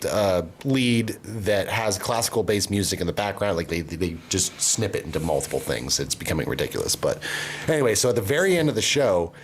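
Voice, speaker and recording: A man co-hosting a casual podcast, telling a rambling story and dropping low and quiet for asides. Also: sing-song, brisk, slight background noise. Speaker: podcast co-host. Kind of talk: casual chat.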